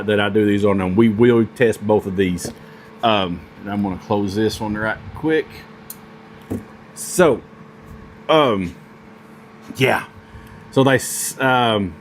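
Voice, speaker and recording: A man reviewing pocket knives in a casual vlog, gushing with excitement and filling his talk with ums and restarts. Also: medium pitch, a little hiss or hum. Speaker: knife reviewer.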